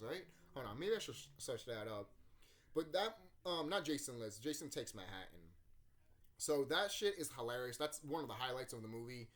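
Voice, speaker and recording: With a mid-range, slightly bright voice, a man hosts his YouTube channel from a room at home, giving a casual movie review rant. He swears a lot, laughs, and re-enacts scenes.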